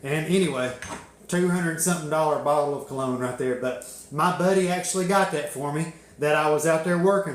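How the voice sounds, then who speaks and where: Profane man telling stories. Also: fairly high pitch. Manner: profane, laughing, drawling storyteller. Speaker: live-stream host. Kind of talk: casual live-stream storytelling. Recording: echoey room.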